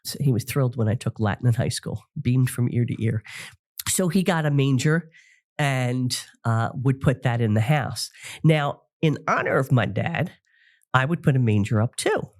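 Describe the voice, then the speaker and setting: A middle-aged woman hosting a podcast, talking casually and warmly about family memories with frequent fillers and laughs. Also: extremely low pitch, lively intonation, normal speed. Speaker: podcast host and psychic medium. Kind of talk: casual solo podcast talk.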